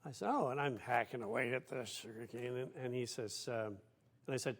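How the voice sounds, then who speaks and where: A man's voice: medium pitch, steady tone, a little fast. A man telling anecdotes as an interview guest, wry and dry in his humour. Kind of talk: anecdotal storytelling.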